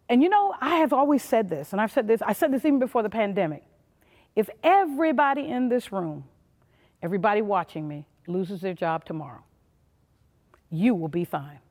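Brief: woman motivational speaker, mid-pitched, emphatic and punchy, long hall echo. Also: sing-song, normal speed, long pauses, a little mellow. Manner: emphatic, punchy, acts out little quoted voices. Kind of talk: motivational leadership talk.

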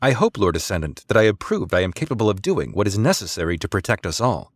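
Brief: male narrator doing an ambitious female officer, crisp, formal, quietly sure of herself, lively delivery, dry close sound. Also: on the low side, fast, no echo. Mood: coolly confident. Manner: formal, precise, coolly confident. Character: poised, ambitious female naval lieutenant.

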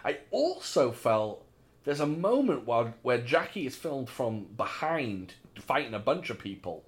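A man's voice: medium pitch, very animated, a little slow. A man co-hosting a casual film podcast, chatty and opinionated, swearing now and then. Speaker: podcast co-host.

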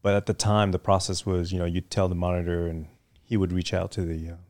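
A man's voice: deep voice, little pitch movement, quick pace, a little mellow, no room sound. A middle-aged man, a guest in a casual interview, telling stories with lots of fillers and restarts. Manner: rambling, many fillers and restarts. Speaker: guest, retired Marine officer.

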